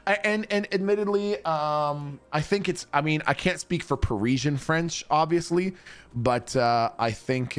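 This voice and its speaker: A man, rambling and chatting casually with viewers during a game stream, swearing now and then. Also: mid-range voice. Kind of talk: casual chat with viewers while gaming.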